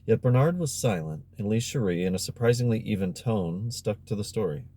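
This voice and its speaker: Brief: male narrator, low warm tone, measured expressive audiobook read. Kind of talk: scripted narration.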